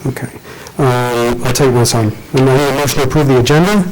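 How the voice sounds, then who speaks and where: A man's voice: medium pitch, steady tone, fast, rough recording. A man chairing a school board meeting, running procedure in a casual, joking manner.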